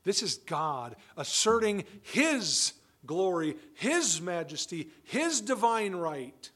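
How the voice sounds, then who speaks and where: High-voiced man preaching emphatically. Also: sing-song, slow pace, a bit bright. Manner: emphatic, asking rhetorical questions. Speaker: pastor; father of children. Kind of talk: sermon.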